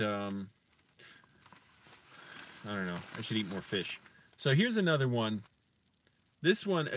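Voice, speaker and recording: A man teaching himself Spanish on a casual stream, slowly sounding out words and correcting himself, with chatty asides to viewers. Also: medium pitch, a bit bright, distant mic. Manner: slow deliberate sounding-out of words, self-correcting. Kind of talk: casual live-stream language practice.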